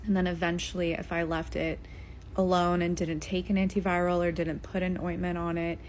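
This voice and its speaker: A woman talking casually to camera from her bed at home, calmly explaining step by step. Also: on the low side, fairly quick, a little hiss or hum. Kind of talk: casual vlog talk.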